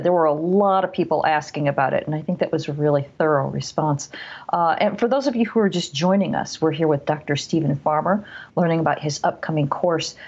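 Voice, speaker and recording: Husky-voiced woman hosting a Q&A. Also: lowish voice, a little mellow. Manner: upbeat, reads questions aloud. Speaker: host. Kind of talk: hosting a live Q&A. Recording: dull lo-fi audio.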